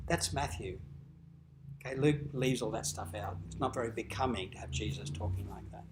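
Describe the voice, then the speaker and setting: A man's voice: medium pitch, moderate pace, slight background noise. A man, a dean, giving an informal teaching lecture at a cathedral forum, explaining in a conversational way and lifting his voice for quoted lines. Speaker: dean presenting an adult education forum.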